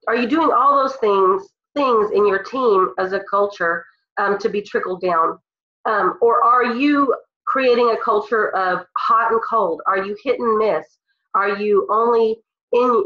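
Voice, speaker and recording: A woman with a cold, leading her team on a call in an earnest, emotional, motivational way. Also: medium pitch. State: congested from a cold. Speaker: team leader speaking on a call. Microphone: phone or computer on a call. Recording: roomy, dull lo-fi call audio.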